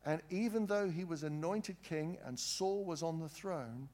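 Slow, earnest male preacher. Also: fairly high pitch, darkish tone. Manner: earnest, with slow emphatic pauses and questions to the congregation. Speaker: pastor. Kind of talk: sermon.

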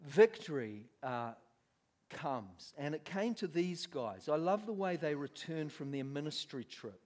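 A man's voice: on the high side, big pitch swings, unhurried, a little mellow. A man preaching a sermon, telling a story with lots of laughter and acted-out voices.

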